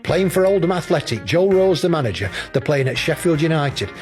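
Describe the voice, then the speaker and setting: Former referee, high and lively voice, cheeky sweary storyteller, music bed. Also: male voice, brisk. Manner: sweary, chuckling, acts out both sides of a story. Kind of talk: anecdote telling on a podcast.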